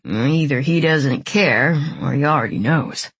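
A brisk man on the investigative team with a dry, teasing edge, as a woman narrator puts him on. The voice is low and husky, heard in a dry, close audiobook recording. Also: no echo.

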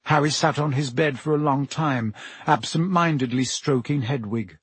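A man narrating a storybook in a measured, even manner as an audiobook reader. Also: medium pitch, slightly rough, no room sound.

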